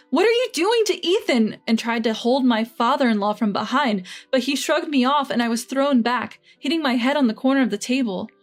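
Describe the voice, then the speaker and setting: A woman reading a first-person revenge story in an even, measured way. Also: a little high. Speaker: narrator.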